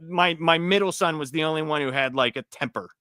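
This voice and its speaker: A man chatting as a podcast guest, telling stories in a profane, animated way. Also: a little high, brisk, smooth, no echo. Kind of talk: casual podcast chat.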